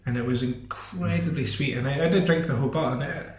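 A man's voice: mid-range voice, fast talker. A man co-hosting a casual beer-tasting chat, blunt and jokey. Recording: echoey room.

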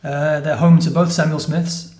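A man's voice: a little high, flat delivery, normal speed, a little mellow. A man hosting a podcast, chatting casually over a beer tasting and explaining facts as he goes, correcting himself now and then. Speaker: podcast host. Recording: roomy echoey room.

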